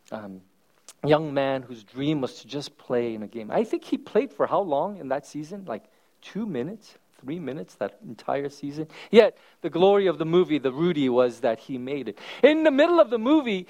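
A male pastor preaches a sermon at a church service, telling stories that swing between loud exclamations and hushed asides. His pitch is fairly high.

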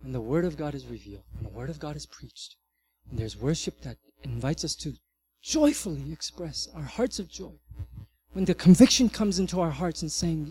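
A man in his thirties, a pastor, preaching a sermon and telling a family story with lively swings from loud to hushed. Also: on the high side, moderate pace, a little hiss or hum.

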